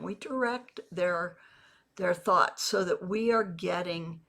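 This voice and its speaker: Slow, measured woman teaching a lesson. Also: on the low side, creaky, a bit bright. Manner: measured, deliberate delivery with repeated example phrases. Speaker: network marketing mentor. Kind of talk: video lesson to camera.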